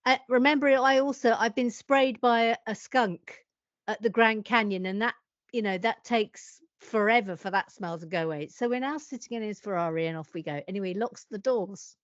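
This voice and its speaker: A woman, a podcast guest telling a story in a lively, self-mocking way. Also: a little high, normal speed, no room sound, highs cut off. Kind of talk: animated anecdote telling.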